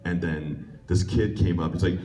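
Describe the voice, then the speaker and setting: A man's voice: deep voice, moderate pace. A man on a convention panel telling stories about auditions and acting out the people in them. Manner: animated, acts out quotes. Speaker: voice actor and panel guest. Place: convention hall. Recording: echoey hall, mic at a distance.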